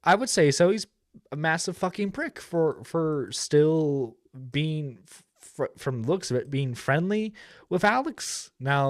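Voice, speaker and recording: Rambling, animated male streamer. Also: on the high side, no echo. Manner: rambling, lots of fillers, blunt and profane. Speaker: streamer reacting to a video. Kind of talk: casual commentary.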